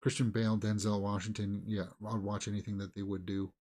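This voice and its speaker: A man co-hosting a movie talk show, chatting casually and thinking aloud with halting restarts. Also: lowish voice, flat delivery, a little mellow. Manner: musing, halting, with fillers and restarts. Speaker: movie news co-host. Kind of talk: casual chat.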